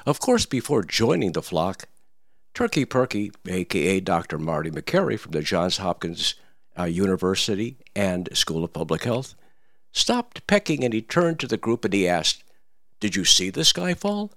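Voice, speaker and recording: A man's voice: low-pitched, very animated, normal speed, no echo, studio quality. A man giving satirical political commentary, telling a mocking fairy tale in a theatrical, sing-song way.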